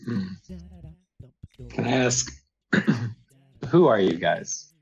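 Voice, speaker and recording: A man's voice: medium pitch, animated, drawn-out words, creaky. A man playing a tabletop game, joking and laid-back. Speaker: player. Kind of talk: casual tabletop play. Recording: dull lo-fi sound.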